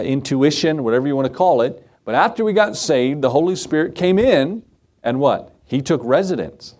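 Conversational preacher man, evening sermon. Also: medium pitch. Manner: conversational preaching with rhetorical questions and soft laughs. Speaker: pastor.

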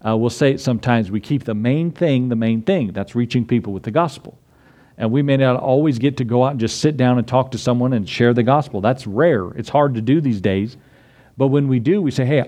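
A man's voice: mid-range voice, a little fast, mellow. A male pastor preaching a sermon in a conversational way, with frequent asides and small laughs.

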